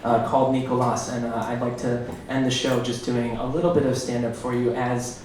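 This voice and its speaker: A stand-up comedian in his thirties from Illinois performs a rambling, self-deprecating set with halting fillers on a small comedy club stage, recorded from a distance in a roomy space with an audience. His mid-range voice stays fairly level and is a little mellow, with slight hiss or hum.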